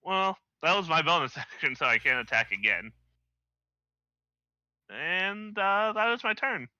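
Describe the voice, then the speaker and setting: A man plays a tabletop game, his voice very bright and smoothly clear. The sound is close and dry, and he states his actions in a plain, measured way. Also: a little high, big pitch swings, no echo, muffled recording. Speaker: player. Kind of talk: casual tabletop game play.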